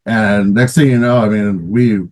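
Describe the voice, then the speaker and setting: A man's voice: lowish voice, fairly even intonation, a little slow, a little mellow, poor audio. A middle-aged man, a former pro hockey player, casually telling stories in an interview with many restarts and fillers, often laughing.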